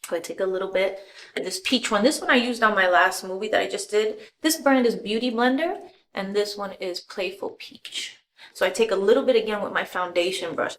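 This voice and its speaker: A middle-aged woman talks through her makeup routine in a relaxed, conversational way. Her voice sits at a medium pitch, and she narrates each step plainly, sometimes sinking into a soft murmur while she blends. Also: fairly quick. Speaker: celebrity giving a makeup tutorial. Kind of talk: casual makeup tutorial talk.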